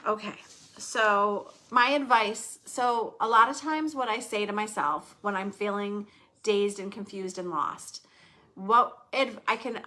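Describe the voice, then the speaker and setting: Bright, candid woman podcast host. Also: mid-range voice. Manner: emotional, candid, rambling. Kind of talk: casual podcast chat.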